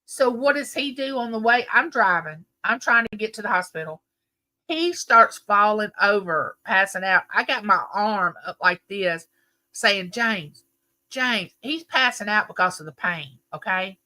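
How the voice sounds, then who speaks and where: A middle-aged woman unhurriedly tells her livestream audience a long family story, her mid-range voice casual yet animated. As host, she spins the tale with strong emphasis.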